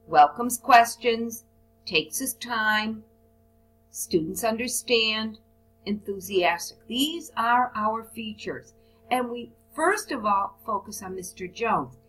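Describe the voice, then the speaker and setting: A woman teaching a recorded lesson on writing business reports. She reads model sentences and lists of phrases aloud, then stops to explain how they work. Faint music plays quietly behind her voice. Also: a little high, low-quality recording. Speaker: English teacher.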